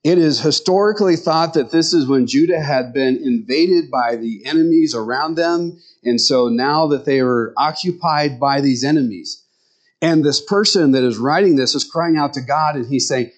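Man preaching a lively Sunday sermon. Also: a little high, moderate pace. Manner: animated, acts out the voices of people in scripture. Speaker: pastor.

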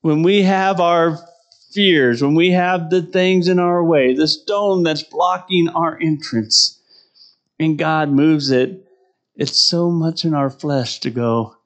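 A man's voice: on the high side, takes it slowly. A middle-aged man preaching a sermon in a conversational way, often asking "right?" and laughing between points.

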